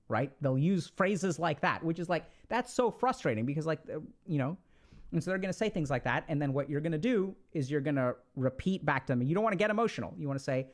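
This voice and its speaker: A man's voice: fairly high pitch, expressive, fast. A man giving a casual, explanatory talk who keeps checking in with his listeners and uses lots of conversational fillers. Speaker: speaker on relationships.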